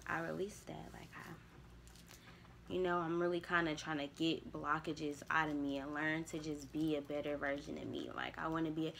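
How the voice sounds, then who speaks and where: Gravelly low-voiced woman talking candidly. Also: little pitch movement, a little fast, hardly any pauses, a bit bright, a little hiss or hum. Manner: candid, spiritual, motivational, swears casually. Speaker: vlogger. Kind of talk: casual reflective monologue.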